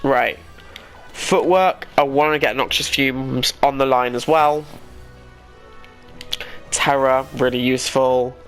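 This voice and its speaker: A man's voice: medium pitch, steady tone, takes it slowly, pauses often, fairly bright tone, soft background music. A man giving casual let's-play commentary, thinking aloud as he plays and poking fun at himself now and then. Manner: thinks aloud, rambling and self-deprecating. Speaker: gaming YouTuber.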